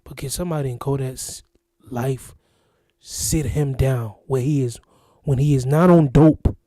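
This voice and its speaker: A man's voice: medium pitch, a little slow, dark tone, no room sound, clean studio sound. A man from Florida hosting a reaction video, rambling and repeating himself in casual commentary. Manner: rambling, repetitive, exasperated. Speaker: reaction channel host.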